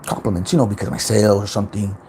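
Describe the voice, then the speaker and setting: A man's voice: on the low side, flat delivery, racing, a little mellow, slight background noise. A man hosting a casual spiritual self-help livestream from home, rambling, repeating words and swearing freely.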